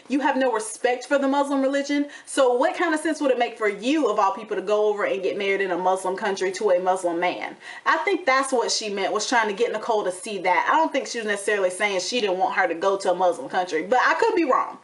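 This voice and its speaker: A woman's voice: on the high side, fast, few pauses. A woman hosting a reality TV recap, talking in a sassy, dramatic way and calling listeners honey and baby. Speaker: recap show host.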